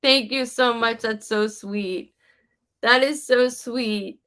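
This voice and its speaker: A woman's voice: a little high, fairly even intonation, takes it slowly, a bit bright, clean tone. A woman psychic medium giving casual live-stream readings, chatty and rambling with lots of "like" and "um", passing spirit messages on to viewers.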